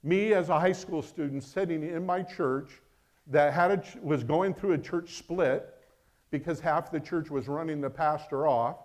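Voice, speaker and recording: A middle-aged pastor delivers a sermon with emphasis, shifting between loud declarations and quiet asides. His voice sits on the high side and moves a little slowly.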